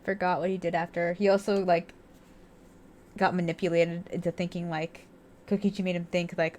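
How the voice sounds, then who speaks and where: A woman's voice: fairly low pitch, flat delivery, moderate pace, a little mellow, a little hiss or hum. Chatty young woman streaming a game. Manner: chatty, laughs often, swears freely. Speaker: let's-play streamer. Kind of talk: casual game commentary.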